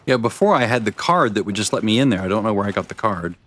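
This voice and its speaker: A man's voice: fairly low pitch, animated, quick pace, fairly bright tone, slight background noise. Rambling man narrating his gameplay. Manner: rambling, self-deprecating. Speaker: streamer. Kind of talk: casual gameplay commentary.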